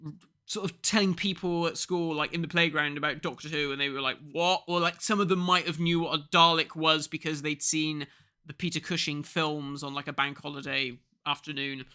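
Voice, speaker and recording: Fairly quick and on the high side, his voice comes across clear and resonant. He's an Englishman in his thirties co-hosting a relaxed podcast, narrating stories with lively energy and acting out the people he quotes.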